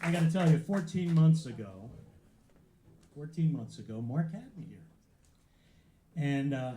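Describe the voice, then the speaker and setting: Older comic gushing at the crowd, echoey. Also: male voice, medium pitch, animated, a little slow, long pauses, mellow, a little hiss or hum. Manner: gushing, flirty crowd work. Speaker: stand-up comedian. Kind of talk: stand-up crowd work. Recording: echoey room, live show.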